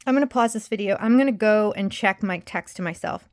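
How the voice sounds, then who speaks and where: A woman's voice: medium pitch, a little fast, darkish tone. A young adult woman vlogging casually to her viewers, rambling and emotional as she drifts between topics. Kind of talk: casual chat to camera.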